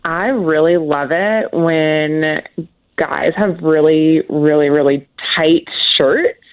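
A woman's voice: deep voice, takes it slowly, clear, resonant tone, no room sound. A woman calling in to a radio show, candid and giggly about her tastes. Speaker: caller. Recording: tinny phone line.

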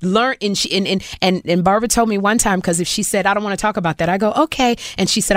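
A middle-aged woman talks as a podcast guest. She tells stories with a lot of energy and slips into other people's voices when she quotes them. The recording is dry and close, with her voice sitting in the middle pitch range. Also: quick pace, few pauses, no room sound. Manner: animated storyteller, acts out quoted voices. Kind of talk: casual chat.

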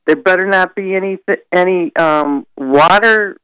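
A woman's voice: fairly low pitch, a little slow, clean tone, no room sound, rough recording. Chatty older mother calling in. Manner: chatty, self-deprecating, animated storytelling. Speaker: caller. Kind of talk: casual radio chat.

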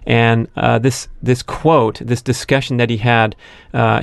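A man's voice: mid-range voice, gravelly, no echo. A man hosting his own podcast, speaking in a casual, chatty solo monologue with frequent fillers and amused asides. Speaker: podcast host.

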